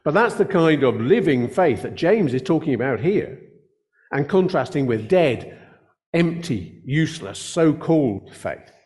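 An older man preaching a sermon, earnest in tone, slowing down to stress key words. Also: fairly high pitch, sing-song, darkish tone. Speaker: pastor.

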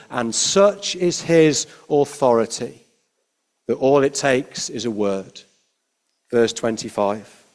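A man preaching a sermon, measured and emphatic, his phrases falling quiet at the ends. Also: mid-range voice.

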